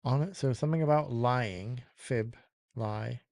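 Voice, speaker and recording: A man on a podcast works through quiz clues out loud, muttering names to himself as he goes. He talks in a mid-range, everyday voice. The recording is close and dry. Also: medium pitch, takes it slowly, creaky, no room sound. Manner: thinks aloud, mutters through lists of names. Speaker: podcast co-host guessing clues. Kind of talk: casual podcast quiz banter.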